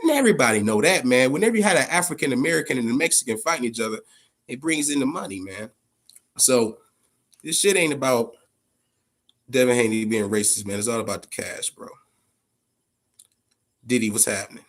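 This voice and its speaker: A man's voice: medium pitch, animated, fairly quick, pauses often, fairly bright tone. A man hosting a casual live-stream chat, swearing freely, repeating himself for emphasis and talking straight to his viewers. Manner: profane and rambling, addresses viewers directly.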